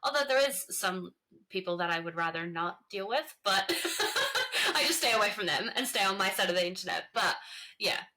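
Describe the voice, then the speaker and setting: A woman's voice: mid-range voice, big pitch swings, moderate pace, pushed and bright. A woman co-hosting a book podcast, chatting casually and telling stories animatedly. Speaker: podcast co-host.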